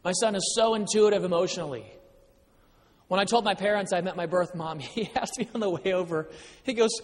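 Man with a high voice giving an earnest personal testimony, long echo of a big hall. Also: fairly quick. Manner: earnest storytelling, moving between excitement and quiet emotion. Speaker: speaker sharing personal testimony. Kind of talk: personal faith testimony to an audience. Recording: long reverb of a large hall.

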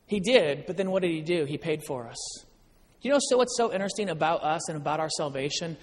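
Guest preacher, male, high pitch, animated storyteller, reverberant church hall. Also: quick pace. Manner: animated storyteller, acts out dialogue. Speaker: guest speaker. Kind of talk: sermon with personal stories.

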